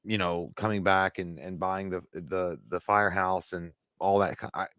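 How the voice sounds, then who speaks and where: A man with a somewhat low voice chats casually on a live stream, reading out viewer comments and riffing on each with loose, profane asides. The sound is close and dry, with no room around it. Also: steady tone, normal speed, fairly bright tone, smooth, no echo. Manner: loose, profane, rambling answers to chat. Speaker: live show co-host reading chat.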